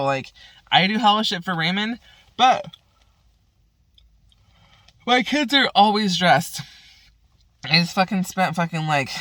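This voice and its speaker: A woman's voice: low voice, fairly bright tone. Profane ranting woman vlogger. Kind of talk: casual rant while smoking.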